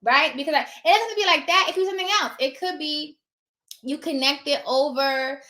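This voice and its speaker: Chatty high-voiced woman, roomy echo. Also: brisk. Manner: chatty, acts out dialogue in animated voices. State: tired. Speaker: notary. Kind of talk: casual advice talk.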